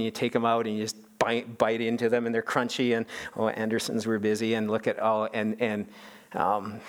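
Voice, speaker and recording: A middle-aged pastor delivers a sermon in an animated way. He stumbles over repeated words and then climbs into emphatic, higher-pitched peaks.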